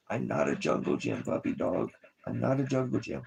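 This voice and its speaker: His voice sits on the low side, gravelly and husky yet a little mellow, with big pitch swings at a moderate pace. He's a preacher for a small ministry who wanders off-script like a livestreamer, tossing in jokes and talking to his dog between points.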